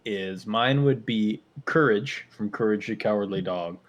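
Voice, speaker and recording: A man's voice: lowish voice, unhurried, lo-fi sound. A man co-hosting a casual podcast, joking around and slipping into silly quoted voices. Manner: jokey, breaks into goofy quoted voices. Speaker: podcast co-host. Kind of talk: casual chat.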